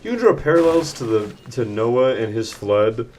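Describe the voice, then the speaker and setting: A man's voice: mid-range voice, animated, moderate pace, darkish tone, a little hiss or hum. A young man streaming a video game, joking and chatting casually in slangy speech. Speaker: gaming streamer. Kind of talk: casual gameplay commentary.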